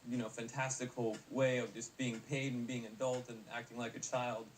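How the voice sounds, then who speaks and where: In a relaxed interview, a young adult actor talks at a moderate pace, his medium-pitched voice staying level. His answers wander, full of fillers and false starts, picked up by a far-off mic with a little background noise.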